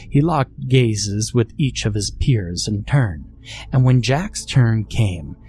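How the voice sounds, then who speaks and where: Man, horror story narrator, measured and slow, deep, dark tone.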